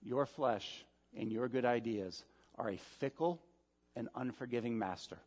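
A man's voice: medium pitch, unhurried. Man preaching in an echoing hall. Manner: emphatic, swings between loud stresses and quiet asides. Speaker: pastor. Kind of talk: sermon. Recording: dull sound with long hall reverb.

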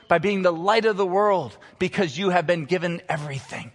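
A man pastor preaching a sermon, emphatic, slowing down to stress key words. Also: high voice. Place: church sanctuary. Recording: long reverb of a large hall.

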